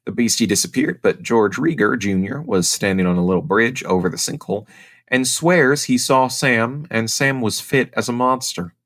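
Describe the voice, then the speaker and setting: A man's voice: medium pitch, normal speed, fairly bright tone. A man from Ohio co-hosting a casual podcast, reading out notes and teasing his co-host with mock indignation.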